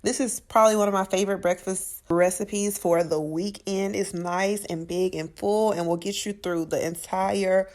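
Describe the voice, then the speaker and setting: A woman's voice: medium pitch, steady tone, normal speed, hardly any pauses, a little mellow. A woman hosting a cooking channel, talking through her recipe in a sassy, chatty voice-over and calling her viewers honey and child.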